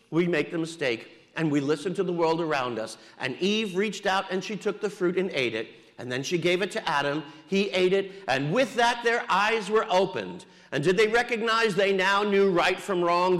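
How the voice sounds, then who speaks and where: A man's voice: a little high, a bit bright, big-room sound. Wry, conversational preaching man. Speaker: Catholic priest. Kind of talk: homily.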